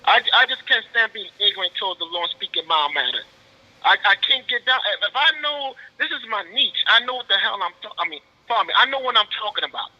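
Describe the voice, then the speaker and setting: A man arguing in a heated talk debate with a very high, piercing, sharp voice. He stammers and restarts his sentences, repeating "true, true" as he pushes his point. The sound is dull and lo-fi, with a long reverb behind it. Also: expressive, quick pace. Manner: repetitive, stammers, says "true, true".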